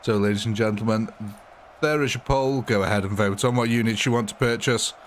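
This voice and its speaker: A low-voiced man chats through a live gaming stream. His talk is loose, jokey and rambling. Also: steady tone, a little fast, a little hiss or hum. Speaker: live-stream gamer host. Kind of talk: casual live-stream commentary.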